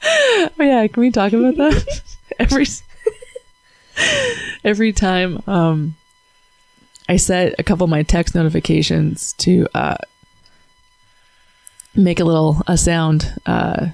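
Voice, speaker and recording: A woman hosting a podcast, chatting casually with her daughter, teasing and quick to laugh. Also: on the low side, sing-song, creaky, darkish tone, no room sound. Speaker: podcast host.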